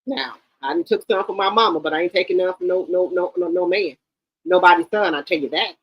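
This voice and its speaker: A woman's voice: on the low side, a little fast, slightly rough, no room sound, muffled recording. A woman in her fifties giving blunt, emphatic livestream commentary and often repeating her words. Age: 50s. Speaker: livestream host.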